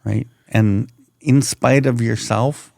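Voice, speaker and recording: A man's voice: mid-range voice, fairly even intonation, takes it slowly, vocal fry, a little mellow, dry recording, studio quality. A man hosting a recovery podcast in laid-back casual chat, calling his guest bro. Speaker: podcast host.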